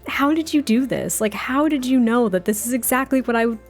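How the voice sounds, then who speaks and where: A woman's voice: on the high side, expressive, a little fast, soft background music. A woman voicing a cheerful, pregnant young wife in a life-sim game, gushing and affectionate. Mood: delighted.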